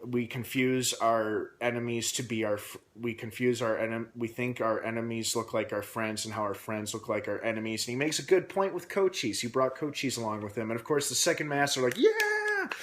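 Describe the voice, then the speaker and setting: A man recapping a TV episode in a casual, rambling vlog with many pauses and fillers. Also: medium pitch, fairly even intonation, a bit bright. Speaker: TV episode reviewer.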